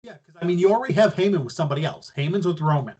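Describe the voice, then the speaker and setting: A man with a husky, slightly high voice speaks bluntly in a loose podcast chat. He swears casually and doesn't soften his points. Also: racing, muffled recording. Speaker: podcast co-host.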